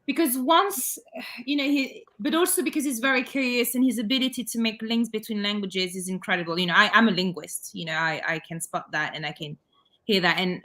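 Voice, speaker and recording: A woman co-hosting a podcast, talking in a casual, animated way with quick bursts. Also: mid-range voice. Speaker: podcast co-host. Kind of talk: casual chat.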